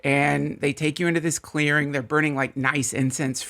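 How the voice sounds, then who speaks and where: A man telling an absurd story in a studio as a podcast guest, earnest and deadpan. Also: on the high side, moderate pace, gravelly. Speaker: comedian guest.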